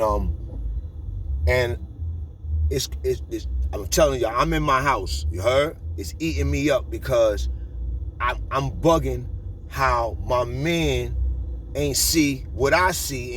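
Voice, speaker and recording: A man's voice: medium pitch, slight background noise. A man telling a street story in a loose, slangy way, often checking in with listeners and repeating himself as he moves along a city route. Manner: slangy, keeps checking in with "you heard?", frequent repeats.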